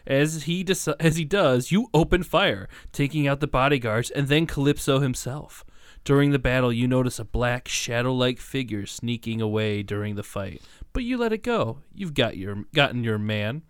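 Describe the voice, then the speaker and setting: A man's voice: medium pitch, normal speed, smooth, dry recording, clean studio sound. A young man co-hosting a casual podcast, reading game endings aloud and often laughing and apologizing. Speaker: podcast co-host.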